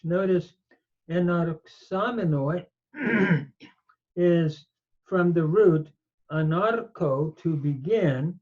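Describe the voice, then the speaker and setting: Slow, methodical male Bible teacher. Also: a little high, dull audio. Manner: slow, methodical explanation with fillers. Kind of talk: Greek grammar lesson.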